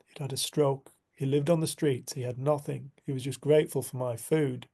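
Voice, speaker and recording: A man with a gravelly, rather dark voice speaks to a community group. He tells his story in an earnest, unhurried way. His talk is reflective and spiritual. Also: medium pitch, fairly even intonation.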